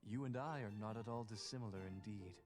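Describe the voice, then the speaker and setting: Guy doing a gallant ghost lord from a visual novel, formal and tender, music loud behind. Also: fairly low pitch, fast talker, lightly acted. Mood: courtly. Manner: formal, old-fashioned and tender.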